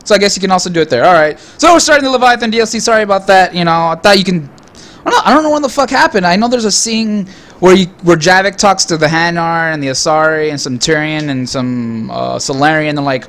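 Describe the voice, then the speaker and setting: A man's voice: a little high, fast, fairly bright tone. A young man giving profane, mocking commentary over a video game he is playing. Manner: crude, mocking asides to the game. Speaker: gameplay commentator. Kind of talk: profane let's-play commentary.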